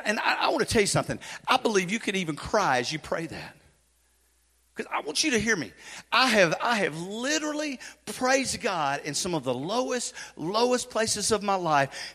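A male pastor preaching a sermon in a church, swinging from loud urgency to hushed intensity, with folksy joking asides. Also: a little high. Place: church sanctuary. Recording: long hall reverb.

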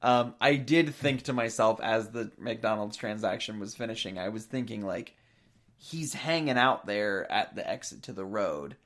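A man telling an anecdote in a casual podcast chat, animated and often laughing as he talks. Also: fairly low pitch, normal speed. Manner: animated storyteller, laughs through lines.

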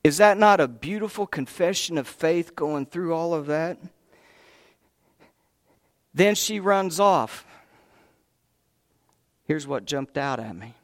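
A man's voice: a little high, animated, slow pace, pauses often, no room sound, clean studio sound. A man preaching a sermon, telling the story with emphasis, putting questions to the congregation and talking to them directly.

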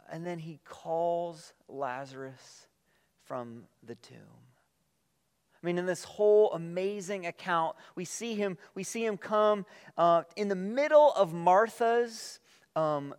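An earnest male pastor delivering a sermon in a slightly higher-than-usual voice. He reads scripture aloud with quiet emphasis and lets his phrases fall away softly and slowly. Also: lively intonation, clean tone. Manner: earnest, reflective, with slow emphatic drops at phrase ends.

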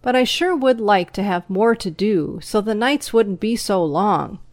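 A woman's voice: medium pitch, expressive, a little slow, darkish tone, no room sound, clean studio sound. A woman voicing a lonely young man who tends a still, speaking in a timid, stammering, plaintive way in a storybook reading. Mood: uneasy. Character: lonely, jittery young male still-tender.

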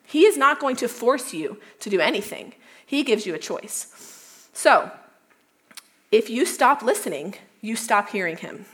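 A young woman giving a casual youth talk, retelling a Bible story in a chatty way with lots of "like" and quick self-corrections. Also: fairly high pitch, big pitch swings, a bit bright. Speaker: youth speaker.

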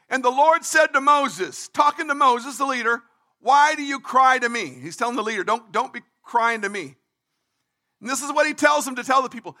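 A man preaching with a very high, piercing, bright voice. He delivers an emphatic livestreamed sermon, reading scripture and repeating key phrases, now and then rising to a shout. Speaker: pastor.

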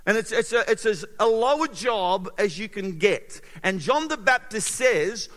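A male preacher delivers a sermon in a high, bright, ringing voice. He is animated, punching some words hard and dropping others to a near hush. A long reverb trails his voice through a large hall. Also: unhurried, few pauses. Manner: animated, swings between loud emphasis and quiet intimacy. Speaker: pastor.

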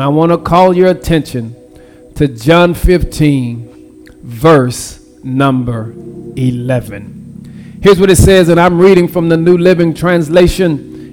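Slow-preaching pastor, faint music. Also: male voice, fairly high pitch, a little mellow. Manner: call-and-response preaching, repeating phrases; slow, drawn-out delivery. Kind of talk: livestreamed sermon.

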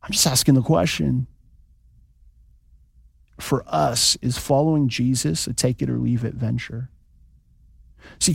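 A man's voice: mid-range voice, creaky, a little mellow, dry recording, studio quality. A man preaching a sermon as pastor in a casual, joking way with many asides to the listeners. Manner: conversational, joking, asks "right?" often.

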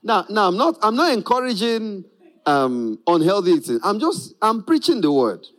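Male preacher, high and very lively voice, playful, acts out characters mid-sermon. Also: normal speed. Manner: animated, laughing often, acting out quoted voices.

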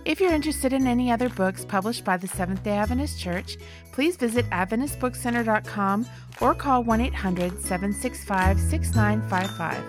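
A woman reading a scripted closing announcement in a measured, clear way, slowing down for the contact details. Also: a little high. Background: light children's music.

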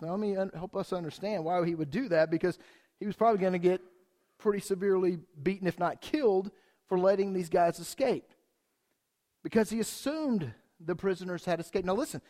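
A man preaching a sermon in a church, conversational and energetic, asking the congregation rhetorical questions. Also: sits high, brisk. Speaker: pastor.

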